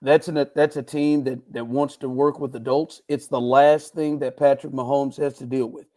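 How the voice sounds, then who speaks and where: A man's voice: medium pitch, moderate pace. A man hosting a casual sports podcast, telling stories with playful mock indignation. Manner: animated storytelling, playful indignation. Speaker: podcast host.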